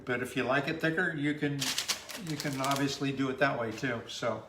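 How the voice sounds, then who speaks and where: A man's voice: medium pitch, moderate pace, a bit bright, roomy sound, a little hiss or hum. A man co-hosting a casual cooking stream from a home kitchen, explaining steps with many fillers. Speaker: cooking show co-host. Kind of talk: casual recipe instructions.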